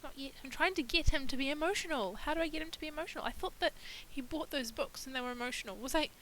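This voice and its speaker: A woman's voice: sits high, quick pace, fairly bright tone, slight background noise, low-quality recording. A woman giving casual let's-play commentary, chatting to her game characters and laughing often. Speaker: gaming YouTuber.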